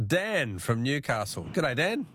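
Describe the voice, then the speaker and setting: A man with an Australian accent hosting a talkback radio quiz, chatty and quick to laugh. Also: medium pitch, very animated, fairly bright tone, slight background noise.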